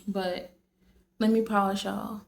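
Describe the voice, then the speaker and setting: Rambling woman vlogger with a gravelly voice. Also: medium pitch, flat delivery, takes it slowly, slight background noise. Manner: rambling, many fillers and restarts. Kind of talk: casual late-night talk to camera. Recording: echoey room.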